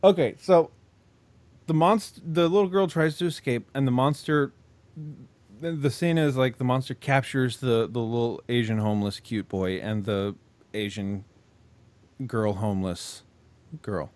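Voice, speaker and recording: A podcast co-host casually retells a horror movie plot, swearing freely, rambling, and circling back on himself with plenty of "like," filler, and restarts. His voice sits at medium pitch with a darkish tone, and he speaks at a measured pace with frequent pauses. The recording has no echo.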